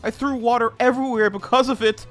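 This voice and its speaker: A man voicing a furious, whiny man screaming complaints at a mobile game, in shrill sputtering bursts. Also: steady tone, fast talker, fairly bright tone. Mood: sulky whining.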